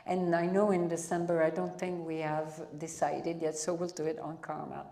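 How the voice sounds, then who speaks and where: A woman with a French accent, a spiritual teacher giving a satsang talk to a live audience, speaking in drawn-out phrases with frequent restarts. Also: low-pitched, level tone, gravelly, dark tone.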